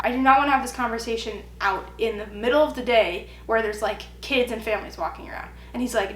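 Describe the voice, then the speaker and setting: A young woman in her twenties telling a personal story in a vlog, acting out the quoted lines with animated delivery. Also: on the high side, normal speed. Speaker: vlogger. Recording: echoey room with faint hum.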